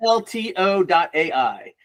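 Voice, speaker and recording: A man's voice: sits high, big pitch swings, a little slow, fairly bright tone. A man in a casual panel chat over a video call, defending his points insistently. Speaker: panel guest.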